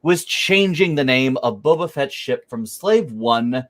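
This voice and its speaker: A man's voice: mid-range voice, expressive, unhurried. A man hosting a podcast who moves the group on to the next topic with announcer-style intros. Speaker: podcast host.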